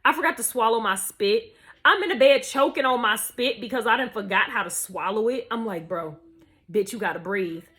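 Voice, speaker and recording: A young woman telling a story to camera in a casual, animated, profane way, full of slang. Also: fairly high pitch, a little fast. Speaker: vlogger.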